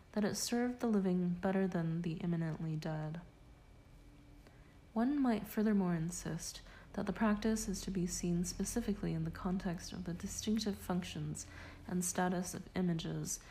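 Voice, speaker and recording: A woman narrating a scholarly nonfiction audiobook in a measured, deliberate manner. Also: lowish voice, mellow, low-quality recording. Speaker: audiobook reader.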